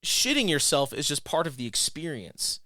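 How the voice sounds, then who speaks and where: A man's voice: fairly high pitch, big pitch swings, pushed and bright, no echo, studio quality. A man hosting a podcast in casual chat, joking and swearing freely. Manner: crude, joking, fast-spoken plugs. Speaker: podcast host.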